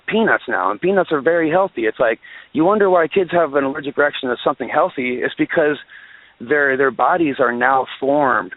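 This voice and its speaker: A man rants down a tinny phone line as a guest musician, full of swearing and restarts. His voice sits at a middling pitch. This is casual phone-in interview talk. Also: no echo. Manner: ranting, profane, restarts his sentences.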